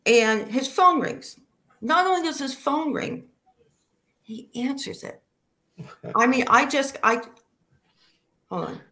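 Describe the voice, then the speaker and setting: A woman doing a stand-up comedy routine over a video call, delivering one-liners with deadpan pauses. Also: a little high.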